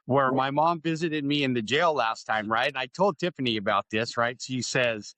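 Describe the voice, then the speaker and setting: A man hosting a podcast, telling stories in a relaxed, animated way and often checking in with "right?". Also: medium pitch, normal speed. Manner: animated storyteller, tags lines with "right?". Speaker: podcast host. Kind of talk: casual conversational interview.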